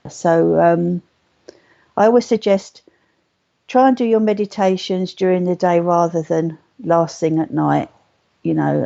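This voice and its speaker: A woman leading a guided meditation in slow, soothing, repetitive phrases. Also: on the low side, creaky, warm tone. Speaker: meditation teacher. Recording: muffled lo-fi recording with faint music.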